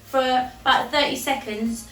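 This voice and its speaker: A woman's voice: high voice, fairly even intonation, a little slow, a bit bright, echoey room, far from the mic. An English woman hosting a casual home cooking video, chatty and jokey, talking through each step in her kitchen. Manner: chatty, jokey, breaks into silly singing.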